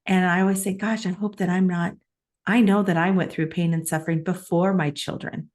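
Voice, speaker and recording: A middle-aged woman with a slightly low voice tells a personal story in an earnest, reflective way. She co-hosts a conversational podcast and often laughs between emotional moments. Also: fairly even intonation, brisk, darkish tone. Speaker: podcast co-host.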